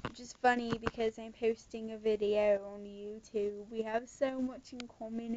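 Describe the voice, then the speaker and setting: A woman's voice: on the high side, a little mellow, dull audio. A young woman doing a put-on British accent, ranting sarcastically in a casual vlog from her bedroom. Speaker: vlogger.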